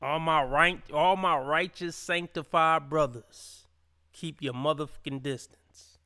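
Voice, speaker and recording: A man hosting a reaction livestream, talking bluntly and cursing often. His voice is bright and crisp, set a little high for a man. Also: unhurried. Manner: blunt and profane, mocks by quoting in a put-on voice. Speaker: livestream commentator.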